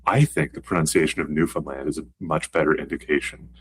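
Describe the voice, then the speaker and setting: A Canadian man co-hosting a podcast in casual chat, easygoing and quick to agree with his co-host. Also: a bass voice, steady tone. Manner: easygoing, agrees often with "yeah".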